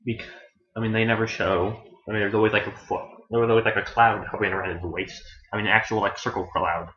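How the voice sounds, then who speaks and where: This casual anime review comes from a man who rambles, swears, corrects himself often and does shrill character voices. He keeps a steady tone at a quick pace. An echoey room and dull lo-fi sound mark the recording.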